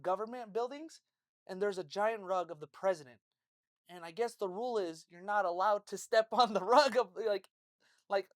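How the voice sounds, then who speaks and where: A woman co-hosting a casual chat, telling a story in an animated way, swearing and laughing a lot. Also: medium pitch, dry recording, studio quality. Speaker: podcast co-host.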